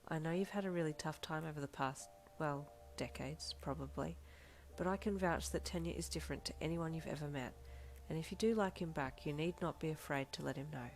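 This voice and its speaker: A woman playing a soft-spoken, teasing older brother. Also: deep voice, fast talker, soft background music. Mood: gentle, wry. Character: kind, cheeky young man, teasing older brother. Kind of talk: fanfiction audiobook reading.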